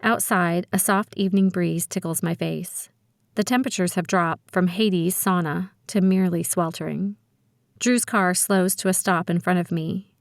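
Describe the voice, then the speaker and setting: A woman reading a teen spy thriller audiobook aloud in the first person, with brisk, expressive storytelling. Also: fairly low pitch, vocal fry, no echo, studio quality. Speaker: audiobook narrator. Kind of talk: first-person scripted narration.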